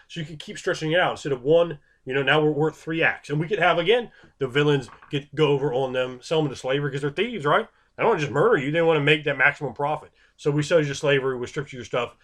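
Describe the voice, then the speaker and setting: An animated man in a mid-pitched voice talks loosely through game master advice. He keeps it casual and unscripted, tossing in sound-effect words and quick bits of acted speech. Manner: animated and conversational, acts out quick voices for players.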